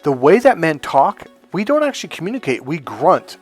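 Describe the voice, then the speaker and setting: Man, dating coach, blunt and profane, somewhat high voice, faint music underneath. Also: sing-song, moderate pace, few pauses. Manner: blunt, profane, acts out quotes. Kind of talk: casual coaching monologue.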